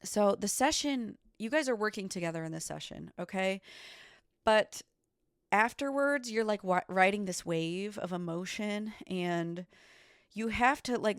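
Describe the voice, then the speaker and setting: A woman's voice: mid-range voice, dry recording, studio quality. A woman hosting her own podcast, talking candidly and emphatically, swearing often and filling with "like" and "okay.". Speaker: podcast host. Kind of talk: candid solo podcast chat.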